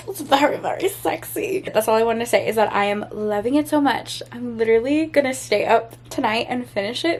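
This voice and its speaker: A woman's voice: fairly high pitch, a little mellow. A woman hosting her book channel in a casual vlog, gushing with enthusiasm and often repeating her phrases. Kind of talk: casual vlog unboxing chat.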